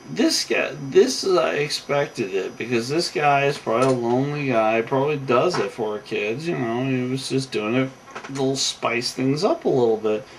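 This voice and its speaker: Tired guy rambling thru a show recap, lots of ums and restarts, normal pitch, bit of faint room noise. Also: rough recording. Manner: rambling, full of fillers and restarts. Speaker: show commentator.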